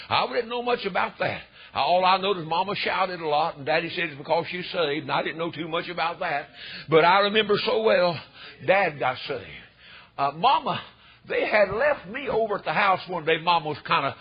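A fervent older preacher with a high, husky voice. He tells his story emphatically and climbs into shouts. The recording is dull and lo-fi. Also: lively intonation, normal speed.

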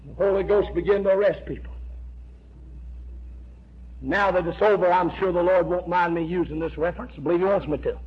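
High-voiced man preaching a fiery revival sermon. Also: a little fast, long pauses. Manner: emphatic, repeats "I tell you" and "amen", rises to shouts. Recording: dull lo-fi recording with faint hiss.

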